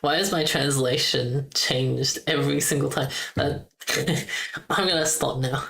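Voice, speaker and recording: A woman's voice: very deep voice, fairly even intonation, measured pace, vocal fry, fairly bright tone. A young woman streamer chatting casually, joking and giggling as she repeats words from a game. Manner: playful, giggly, jokes while repeating words. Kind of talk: casual live-stream chat.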